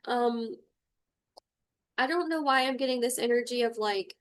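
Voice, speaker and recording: A woman's voice: a little high, unhurried, a bit bright, clear, resonant tone. Blunt, emotional woman doing a tarot reading. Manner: emotional, blunt, swears freely. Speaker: intuitive tarot reader. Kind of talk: livestream spiritual reading.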